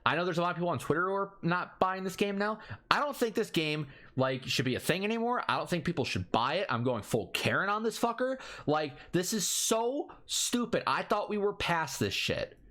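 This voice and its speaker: A young man co-hosting a podcast, ranting angrily and cursing a lot in casual chat. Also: sits high. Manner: angry profane rant, fast and animated. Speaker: podcast co-host.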